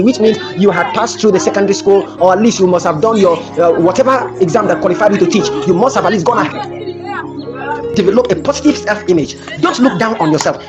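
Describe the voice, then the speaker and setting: A man giving a workshop lecture to teachers, emphatic and repetitive, telling classroom stories. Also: high voice. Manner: emphatic, repeats phrases, tells classroom stories. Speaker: teacher trainer.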